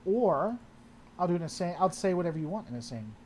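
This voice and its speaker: A man's voice: high voice, big pitch swings, quick pace, a little mellow, a little hiss or hum. Rambling man chatting on a livestream. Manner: rambling, trails off and restarts mid-sentence. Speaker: livestream host answering chat. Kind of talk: casual livestream chat.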